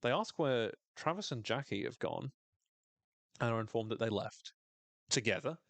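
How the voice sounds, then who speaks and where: A man in the middle of his range, talking through a TV episode with lively enthusiasm and casual swearing. He keeps slipping into little voices for the characters he quotes. The sound is close and dry, with no room around it. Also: medium pitch, moderate pace, no echo. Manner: enthusiastic, swears freely, acts out quoted lines in shifting voices. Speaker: podcast host recapping a TV episode. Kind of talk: casual recap chat.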